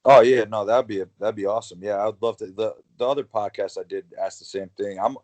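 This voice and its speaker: A young man with a deep voice talks as a guest about his wrestling career. He rambles bluntly, full of fillers and restarts. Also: fairly even intonation, brisk, a little mellow. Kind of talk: casual interview.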